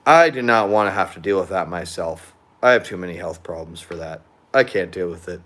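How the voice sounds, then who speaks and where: A man's voice: deep voice, lively intonation, brisk, a bit bright. Young male vlogger, casual venting monologue, rambling, swears freely, beer in hand. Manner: blunt and profane, rambling; drinking beer while chatting.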